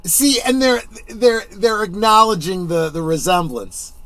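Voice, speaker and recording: A man's voice: high voice, unhurried, pushed and bright, no echo. A man hosting a casual movie commentary, chatty and wry as he reacts to the film.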